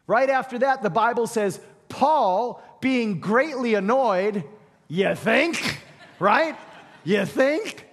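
A man preaching a sermon as pastor, retelling a story with dramatic swings from loud proclamations to hushed near-whispers. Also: very high voice, big pitch swings, a little slow, slightly rough. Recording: reverberant hall.

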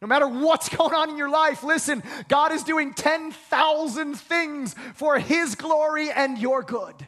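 High-voiced preacher in a reverberant hall. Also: male voice, a little slow, a bit bright. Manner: dramatic, acts out dialogue, builds to emphatic repetition. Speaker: pastor. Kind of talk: sermon.

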